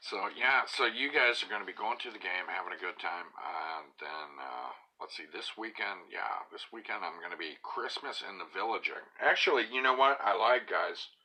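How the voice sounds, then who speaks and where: A man with a fairly low but very bright, forceful voice, chatting casually on a live stream. His pitch swings widely as he reads viewer comments aloud and pokes fun at himself. Now and then he drops into soft whispered asides. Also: animated, normal speed, hardly any pauses. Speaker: live-stream vlogger reading chat.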